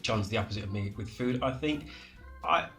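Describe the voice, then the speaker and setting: A man co-hosting a casual food tasting, relaxed and thinking aloud as he talks. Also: fairly low pitch, brisk, faint music behind. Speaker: co-host. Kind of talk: casual chat.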